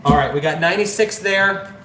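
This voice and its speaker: His voice sits high and moves fairly quickly as this livestream host from central Ohio counts money out loud and cracks jokes. Background noise comes through along with the echoey room's faint ambience.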